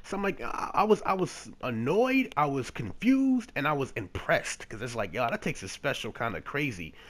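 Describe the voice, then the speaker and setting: A man's voice: medium pitch, moderate pace. A man from Detroit recounts a story in a casual vlog, with loose, profane talk. He brings it to life by acting out other people's lines in his mid-range voice. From Detroit, USA. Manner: profane, animated storytelling, acts out quotes. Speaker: vlogger.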